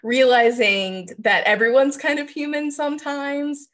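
A woman hosting a podcast, speaking in a relaxed, supportive way with many fillers. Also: sits high, a little slow. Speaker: podcast host. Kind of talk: casual podcast conversation.

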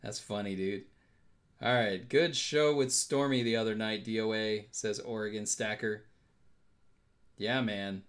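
A man's voice: lowish voice, fairly even intonation, measured pace, fairly bright tone, smooth. A man hosting a casual live-stream auction, calling out bids and chatting with viewers in an upbeat way. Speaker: auction host.

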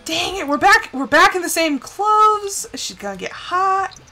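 A young woman giving casual live commentary on a life-sim game, chatty and scolding her characters with bursts of excitement. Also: very high-pitched, unhurried, faint music behind, rough recording.

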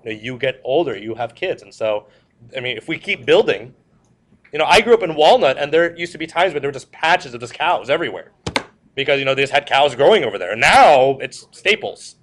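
A man's voice: mid-range voice, animated, a little fast, fairly bright tone. A male history teacher giving a classroom lecture. He tells stories with jokes and puts questions to the class. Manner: joking, storytelling, asks the class questions.

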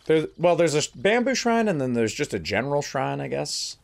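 A man's voice: a little high, sing-song, a little fast, gravelly. A man giving casual, playful commentary while playing a video game, joking and talking to the characters. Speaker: let's play gamer.

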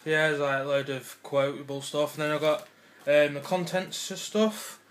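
A man's voice: a little high, moderate pace, slight background noise. A teenage English boy chatting in a rambling, offhand way for his home vlog, joking around and slipping into silly voices. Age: teens. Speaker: vlogger. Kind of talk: casual vlog chat. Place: bedroom at home.

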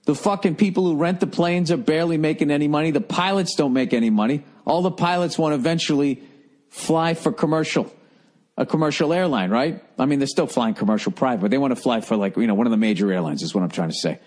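A man's voice: fairly high pitch, quick pace, a little mellow. A man hosting a podcast, telling a rambling story in a profane, wry, self-mocking way. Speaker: podcast host. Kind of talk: casual rambling monologue.

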